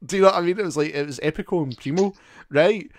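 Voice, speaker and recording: Male host, higher voice, casual and halting. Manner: halting, sweary, restarts. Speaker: podcast host. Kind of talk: casual wrestling chat.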